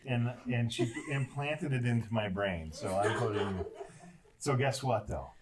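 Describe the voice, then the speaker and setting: A man's voice: mid-range voice, a little slow, heavy background noise. A man hosting a podcast, chatting casually with his guest and reading out contact details. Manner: chatty, easygoing interviewer with frequent backchannels. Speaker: podcast host. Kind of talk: casual interview chat.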